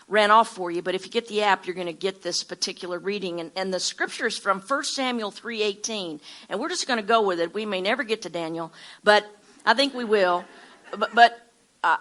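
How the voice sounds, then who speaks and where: A Bible teacher from Alabama with a Southern accent gives an informal, folksy sermon, telling stories with acted-out quotes and often repeating words or restarting sentences. Her voice is medium-pitched, bright and forceful.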